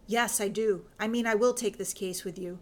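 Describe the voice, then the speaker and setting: A woman reading the lines of a puzzled, earnest gentleman investigator in a fan fiction audiobook, with an earnest, increasingly flustered way of questioning. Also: mid-range voice, steady tone, normal speed, close to an everyday voice.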